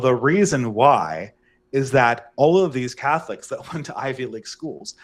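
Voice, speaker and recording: Lecturing male debater, steady pitch. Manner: lecturing, long explanations. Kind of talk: online debate.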